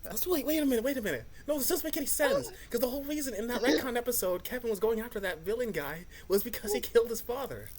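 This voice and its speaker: A reaction-video host who rants with animation and breaks into frequent laughter. The pitch swings widely while the voice stays at a middling register. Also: lively intonation, fast, hardly any pauses, a little hiss or hum. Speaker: host reacting to a cartoon episode.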